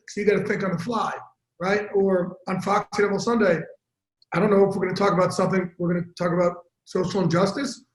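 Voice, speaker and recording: A man telling stories as a guest in a casual, profane interview, animated and quick. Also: sits high, reverberant, low-quality recording. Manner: animated, profane, fast-talking storyteller. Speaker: interview guest, sports broadcaster. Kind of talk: casual storytelling chat.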